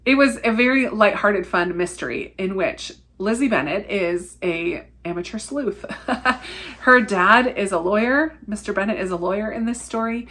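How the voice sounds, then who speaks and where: A chatty woman sharing candid opinions about her recent reads. She talks loosely and conversationally, laughing now and then and restarting sentences as her thoughts shift. Her voice sits at an ordinary, mid-range pitch. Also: moderate pace, a bit bright. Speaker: book reviewer. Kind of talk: casual book review vlog.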